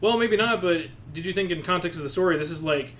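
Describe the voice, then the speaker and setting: A man's voice: fairly high pitch, steady tone, quick pace, a bit bright, a little hiss or hum. A man co-hosting a podcast, chatting casually, swearing freely, laughing often and acting out what people said. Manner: profane, laughs often, acts out quotes. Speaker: podcast co-host. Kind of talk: casual chat.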